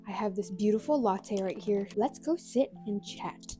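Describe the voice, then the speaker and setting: A woman's voice: mid-range voice, moderate pace, mellow, faint music behind. A woman in her twenties chatting casually at home, telling candid stories full of "like"s. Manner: chatty, candid storytelling with many "like"s. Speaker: vlogger. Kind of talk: casual chat to camera. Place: home, at a coffee station.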